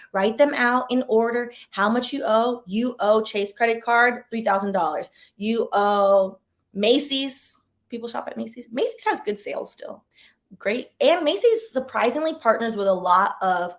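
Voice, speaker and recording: A woman with a mid-range voice talks through money advice in a loose, chatty way. She is candid and pokes fun at herself, repeats key words for emphasis and makes quick asides to her viewers. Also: medium pitch. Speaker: former lawyer and channel host. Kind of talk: casual personal-finance advice chat.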